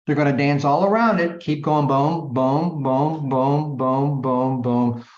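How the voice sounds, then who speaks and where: Speaking slowly in a mid-range voice, a man gives his team a motivational coaching talk full of emphasis, repetition and punchy sound words. He calls them gang and guys, and the audio is a dull, echoey room recording.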